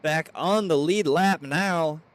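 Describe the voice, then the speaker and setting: A man doing excitable play-by-play race commentary with hiccups, reading viewer chat aloud. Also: a little high, slow pace.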